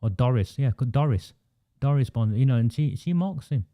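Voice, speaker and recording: A man from the North of England holds forth on his livestream, hammering his points repetitively with indignant emphasis. His mid-range voice is mellow, with lively intonation and a moderate pace.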